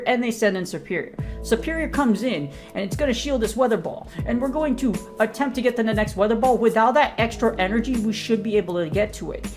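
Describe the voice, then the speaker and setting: A woman, a gaming content creator, giving hyped, slangy, joking commentary over her own battle gameplay. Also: medium pitch.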